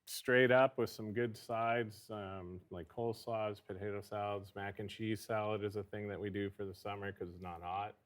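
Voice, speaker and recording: A man guest chef explaining his cooking in a relaxed, hesitant way with frequent ums. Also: lowish voice, moderate pace, hardly any pauses. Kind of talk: casual explanatory chat.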